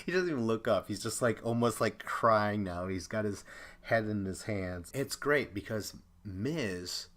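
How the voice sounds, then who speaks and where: A man's voice: on the low side, lively intonation, measured pace, fairly bright tone. A young man hosting a podcast, giving a chatty, opinionated recap and acting out the quotes. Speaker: podcast host. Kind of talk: casual recap commentary.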